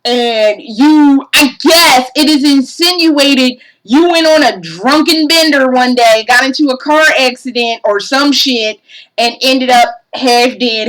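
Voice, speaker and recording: A woman's voice: on the high side, fairly bright tone, poor audio. A woman giving a casual game review, profane and exasperated, ranting animatedly.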